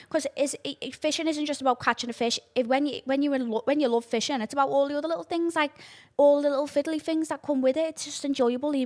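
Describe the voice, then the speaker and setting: A young woman, hosting a casual podcast, oversharing and swearing freely in animated outbursts. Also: a little high. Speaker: podcast host. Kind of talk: casual chat.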